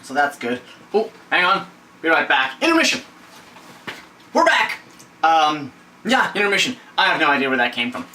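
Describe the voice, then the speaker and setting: Goofy guy cooking and telling corny jokes, kinda high voice, faint dish noise. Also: lively intonation, brisk, pushed and bright. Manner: rambling, goofy, joke-telling. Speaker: home cooking host. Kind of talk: casual cooking demo with jokes. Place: home kitchen. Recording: voice from a distance, faint kitchen noise.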